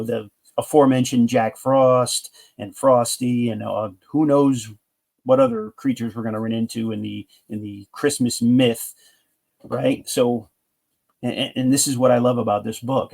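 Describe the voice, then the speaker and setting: A man's voice: medium pitch, gravelly, darkish tone. A man casually reviewing a comic book, retelling the story with enthusiasm in a rambling way that is full of restarts.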